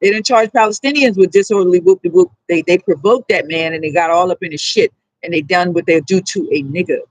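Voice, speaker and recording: A woman's voice: on the low side, a little fast, no echo, dull audio. Blunt, profane New Orleans woman streaming. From New Orleans, USA. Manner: blunt, profane, rambling with swings in loudness. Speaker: livestreamer. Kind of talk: profane livestream monologue.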